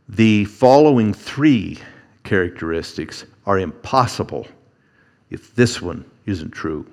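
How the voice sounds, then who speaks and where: A man preaching a sermon, slow and halting, with frequent restarts, who acts out quoted figures with a rising voice. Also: fairly low pitch. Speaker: pastor.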